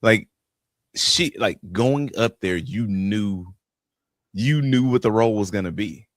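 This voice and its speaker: A man with a very low voice talks slowly and laid-back in a podcast chat. He mostly drops in short agreements, and the sound is dry and close. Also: no room sound. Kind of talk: casual chat.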